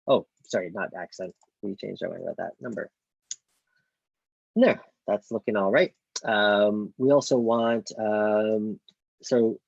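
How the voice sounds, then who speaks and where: Male coding tutor: low, gravelly, husky voice, casual screen-recorded walkthrough full of ums and self-corrections. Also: a little mellow, no echo, muffled recording. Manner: thinks aloud with many ums, self-corrections. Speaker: coding instructor.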